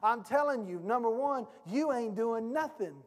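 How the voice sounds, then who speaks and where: A man preaching a sermon as pastor, with a call-and-response delivery that swings from hushed to shouting. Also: very high-pitched, lively intonation, a little slow. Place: church sanctuary. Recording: long hall reverb.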